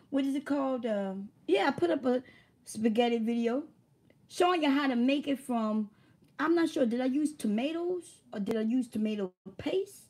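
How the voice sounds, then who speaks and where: Woman streaming host, husky voice, slightly high, chatty, laughs a lot, swears. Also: a little mellow. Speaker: livestream host. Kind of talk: casual livestream chat.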